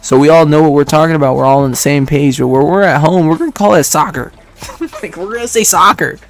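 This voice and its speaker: A man's voice: fairly high pitch, quick pace, creaky, darkish tone, faint music behind. A man in his twenties from Detroit, chatting casually with stream viewers in a rambling way, laughing often and filling with "like". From Detroit, United States. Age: 20s.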